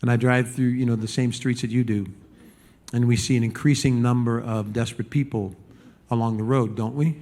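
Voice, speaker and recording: Guy pastor giving a sunday sermon, chatty and animated, lots of restarts, middle-pitched voice. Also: fairly quick. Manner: animated, acts out the people he quotes; conversational with restarts and repeated words.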